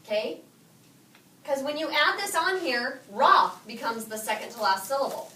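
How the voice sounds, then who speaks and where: A woman teaching a high school Spanish class, quizzing her students and repeating their answers back to them. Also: lively intonation, normal speed, sharp tone, a little hiss or hum. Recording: echoey classroom from far off.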